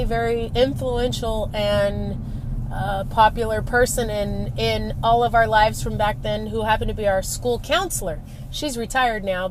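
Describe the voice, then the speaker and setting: A woman in her late forties tells a story in a chatty, emphatic way, talking to her followers from a parked car. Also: fairly high pitch. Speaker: network marketer. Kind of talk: casual storytelling vlog. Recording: outdoor traffic noise.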